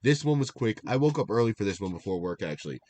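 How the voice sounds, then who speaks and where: A young man co-hosting a casual stream recap, rambling and animated, laughing at himself as he goes. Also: on the low side, fast talker, slight background noise. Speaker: draft league recap co-host.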